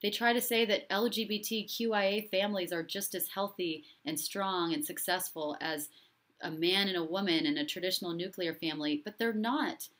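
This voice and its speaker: A woman with a somewhat low voice hosts a live-stream commentary show. She speaks with an impassioned, repeating rhythm and stops now and then to read out viewer comments. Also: moderate pace, a bit bright. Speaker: host and relationship coach.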